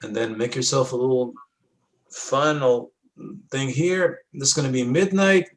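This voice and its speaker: A man's voice: medium pitch, measured pace, rough recording. A man teaching a class, talking students through moon and sun diagrams in a casual, step-by-step way with frequent checks. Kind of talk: classroom lab walkthrough.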